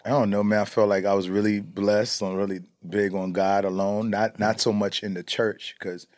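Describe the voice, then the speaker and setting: A man from Chicago, a comedian guest, telling casual stories in a profane, animated way and acting out the people in them. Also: on the low side, normal speed. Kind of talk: casual storytelling chat.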